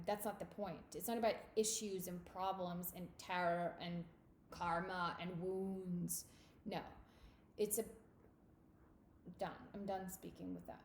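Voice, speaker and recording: Woman tarot reader, unhurried and emphatic, intimate with listener, echoey room. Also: lowish voice, fairly even intonation, a little mellow, slight background noise. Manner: intimate, emphatic, addresses listener as darling and babe. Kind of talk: tarot reading monologue.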